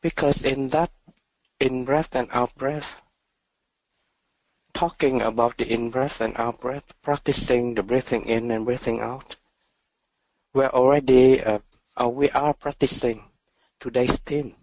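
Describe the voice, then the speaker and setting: Man, meditation teacher, dharma talk, soft-spoken, halting, very slow, dry close sound. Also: mid-range voice, fairly even intonation, dry recording, lo-fi sound.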